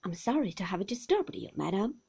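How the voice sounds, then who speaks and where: A woman voicing a cold, formal housekeeper who speaks in a low, measured, half-whispered way in a storybook reading. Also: sing-song, creaky, warm tone, slightly rough, exaggerated voice.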